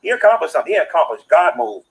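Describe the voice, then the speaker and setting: An indignant man rants into a phone from outdoors, preaching and circling back to the same point over and over. His pitch swings widely as he talks. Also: sing-song, racing, poor audio. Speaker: online commentator. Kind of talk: ranting phone livestream.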